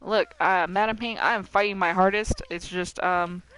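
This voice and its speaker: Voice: mid-range voice, steady tone, moderate pace, a bit bright, a little hiss or hum, rough recording. A game streamer commentating live with playful drama and talking to the characters on screen.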